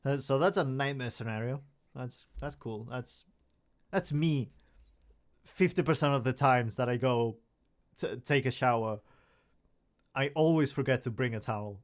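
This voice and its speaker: A young man with a medium-pitched voice talks loosely through a live stream at home. He rambles, restarts his sentences and pokes fun at himself, speaking into a desk microphone. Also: normal speed, long pauses. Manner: rambling, self-mocking, many restarts. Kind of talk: casual live stream chat.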